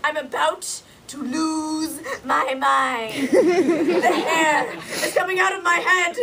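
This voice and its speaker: A woman's voice: high-pitched, fairly even intonation, takes it slowly, over a noisy crowd. A woman playing a hysterical, relentless petitioner in a theatrical stage scene. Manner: theatrical, melodramatic, wailing pleas. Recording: distant mic, noisy background.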